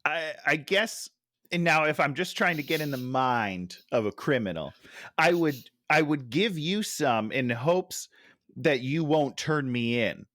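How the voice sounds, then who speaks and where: Man, podcast co-host, joking, animated, very lively pitch, dry close sound. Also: measured pace, dry recording. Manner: animated, joking, laughs often. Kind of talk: casual movie-review chat.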